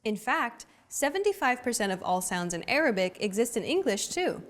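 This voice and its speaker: A woman presents a language lesson in a scripted, explanatory way. Her pitch sits a touch high and moves a lot, bouncing up and down as she teaches. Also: big pitch swings, moderate pace. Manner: clear, explanatory teaching delivery.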